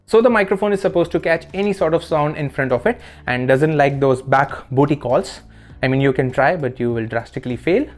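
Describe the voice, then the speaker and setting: A man reviewing a desk microphone he is testing, explaining casually with playful asides. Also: fairly high pitch. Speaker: tech reviewer. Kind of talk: product review narration. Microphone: desk condenser microphone under test.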